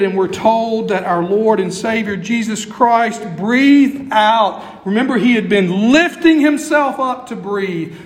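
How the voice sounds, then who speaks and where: A middle-aged male pastor preaching a sermon with building intensity and long pauses, heard in a church sanctuary. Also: high-pitched. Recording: echoey hall.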